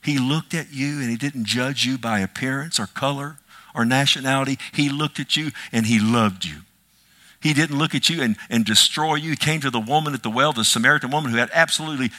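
A male pastor preaching a sermon with passion, swinging from loud declarations to hushed whispers and calling out "Amen?" to his congregation. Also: medium pitch, fairly quick.

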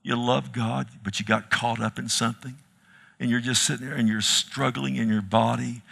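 Bright-voiced impassioned male preacher. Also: little pitch movement, moderate pace, creaky. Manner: impassioned, swings from loud rising cries to low hushed pleading; addresses listeners as "loved one". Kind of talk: sermon.

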